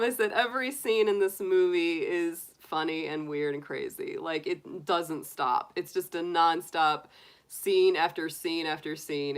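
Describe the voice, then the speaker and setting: A woman's voice: mid-range voice, a bit bright. A middle-aged woman hosting a tarot live stream, chatting casually, giggling often and greeting viewers by name.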